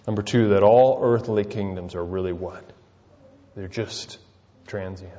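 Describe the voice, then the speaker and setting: A man preaching a sermon, peppering it with rhetorical questions and swinging between loud emphasis and quiet asides. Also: fairly low pitch, steady tone, a little slow. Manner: rhetorical, keeps asking "right?". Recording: dull sound with long reverb.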